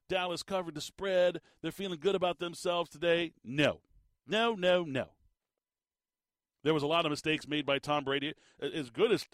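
A man hosting a sports radio show, ranting in an animated, incredulous way with a tired, slightly squeaky voice. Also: no echo, clean studio sound. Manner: animated, incredulous rants with laughs. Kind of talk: sports talk radio monologue.

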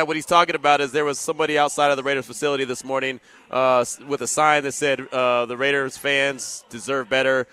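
A man's voice: mid-range voice, pushed and bright, clear, resonant tone. A man hosting a sports talk radio show, chatting casually with joking asides.

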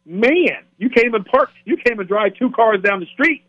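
A man guest on a sports radio show, talking in a relaxed, rambling way with many fillers over the phone. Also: high-pitched, normal speed, dry recording. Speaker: guest on sports radio, former football player. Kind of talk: casual phone interview. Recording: tinny phone line.

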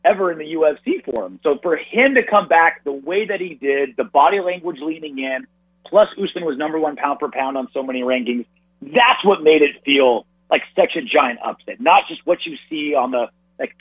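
A man giving animated, analytical sports commentary as a guest, heard over a phone line. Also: mid-range voice, no room sound. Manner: animated, analytical, quick restarts. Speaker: radio and podcast host, guest analyst. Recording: phone line, narrow and husky.

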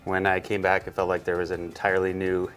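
A man, a hockey player, giving a relaxed, easygoing interview. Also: fast, faint music behind. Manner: relaxed, low-key, easygoing. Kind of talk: casual interview.

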